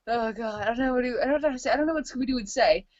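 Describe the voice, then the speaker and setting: A woman's voice: sits high, a little mellow, dry recording. A woman co-hosting a casual gaming podcast, giggling often, swearing freely and trailing off into restarts. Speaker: podcast co-host. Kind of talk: casual chat. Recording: dull lo-fi home recording.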